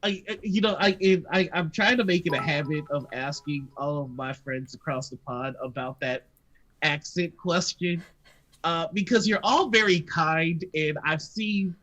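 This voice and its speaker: An American woman from the United States hosts a live stream, chatting casually while laughing often and stammering. Her voice is deep and a bit bright, with a measured pace.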